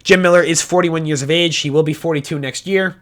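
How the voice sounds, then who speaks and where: A man rattles off his fight picks at a rapid clip, his voice sitting a little high. He is blunt and opinionated, swears freely and trips over his own restarts. It is casual, unscripted breakdown talk. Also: fairly even intonation. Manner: fast talking with restarts. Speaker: fight predictions host.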